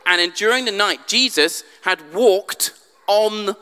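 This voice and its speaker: A man's voice: high voice, takes it slowly, pushed and bright, clean tone. A man preaching a humorous sermon in a church, telling the story with dry jokes. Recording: long church hall reverb.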